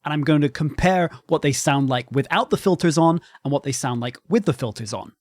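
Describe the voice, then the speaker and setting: A man hosting a tutorial on microphone quality for live streaming, explaining clearly and demonstrating his voice at different volumes. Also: fairly high pitch, animated, fairly quick, no room sound, clean studio sound. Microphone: studio microphone with processing.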